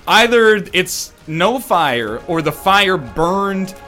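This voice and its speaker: A man riffing casually at his desk while playing a game. His voice is bright and animated, swinging widely in pitch. Faint music plays behind his sarcastic, quick comebacks. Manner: wry, sarcastic banter. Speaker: let's play host. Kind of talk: casual chat over gameplay. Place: apartment.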